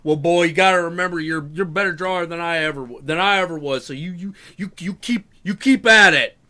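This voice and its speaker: A man's voice: fairly high pitch, fairly quick, sharp tone. A man putting on the voice of a genial older man from Kentucky, folksy and fatherly, with a drawl.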